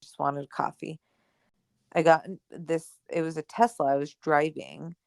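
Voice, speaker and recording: With a low, creaky voice at a measured pace, a young adult woman co-hosting a podcast recounts something that happened to her. She's lively and casual, leaning on "like" and "right?", and acts out the quoted dialogue; the studio-quality audio has no echo.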